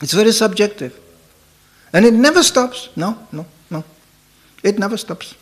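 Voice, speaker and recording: In a high, expressive voice at a moderate pace, an older male spiritual teacher shares humorous stories as a sermon. He talks casually, says "you know" a lot, and laughs at his own tales.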